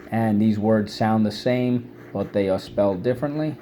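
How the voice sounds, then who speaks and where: A man leads a children's spelling lesson, drilling each word in an upbeat call-and-response. His voice sits on the low side and sounds warm and relaxed. A faint hiss runs under the recording. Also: moderate pace. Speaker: teacher.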